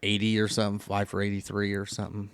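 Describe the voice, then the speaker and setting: Clear-voiced man explaining football casually. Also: lowish voice, fast, no room sound, studio quality. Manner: animated, rambling explanations. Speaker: podcast co-host. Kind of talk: casual sports chat.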